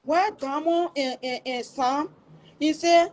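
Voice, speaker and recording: With poor audio, a middle-aged woman with a Liberian English accent slowly and emotionally relates a family tragedy. Her voice is high and a little mellow, and she acts out quoted lines with exclamations as she tells her personal story.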